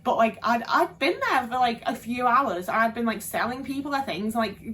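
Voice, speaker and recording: A woman's voice: a little high, moderate pace, fairly bright tone, a little hiss or hum. A young woman talking frankly in a casual monologue, swearing freely and restarting her sentences. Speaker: vlogger.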